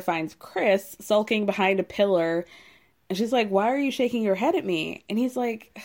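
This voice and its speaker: A woman's voice: medium pitch, darkish tone. A woman hosts a casual recap podcast on her own. She talks with sassy, wry asides and teasing remarks throughout. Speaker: podcast host recapping reality TV.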